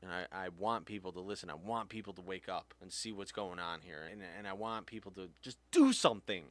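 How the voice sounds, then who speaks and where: A man's voice: deep voice, a little fast, hardly any pauses, no room sound. A man hosting a podcast, ranting heatedly, swearing often, his voice jumping up when he gets angry. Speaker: podcast host. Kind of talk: impassioned rant.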